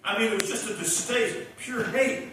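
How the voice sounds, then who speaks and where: A man preaching a revival sermon, telling the story in an animated way and acting out the characters' lines. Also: sits high, normal speed, a little hiss or hum. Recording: echoey hall, distant mic.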